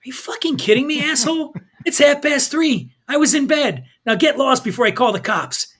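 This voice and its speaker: A livid husband in a spoken-word story, yelling in a strained, high voice, as a man acts him out. He snaps and barks, bright and forceful. He sounds fed up. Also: animated, moderate pace. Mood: outraged. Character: angry woken-up husband, middle-aged man.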